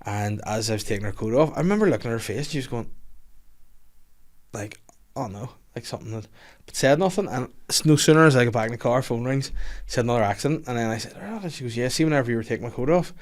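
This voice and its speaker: A man hosting a podcast, trading crude anecdotes in loose, casual chat. He laughs often while he tells stories, in a mid-pitched voice. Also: lively intonation, fast talker. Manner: bawdy storytelling, laughing often. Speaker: podcast host.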